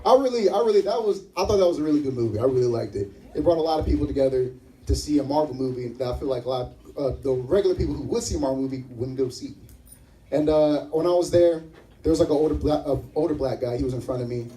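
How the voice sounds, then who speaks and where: With a mid-range voice and a fast delivery, a young man works through a stand-up set at a comedy venue, acting out the people in his stories. The audio is poor and the mic is distant.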